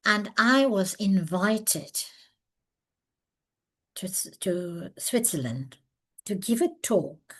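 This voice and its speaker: Over a video call, a woman gives a webinar lecture, speaking earnestly with emphasis and telling her story with plenty of animation. Originally from overseas, she now lives in South Africa. Her medium-pitched voice is animated, extremely slow, and full of pauses.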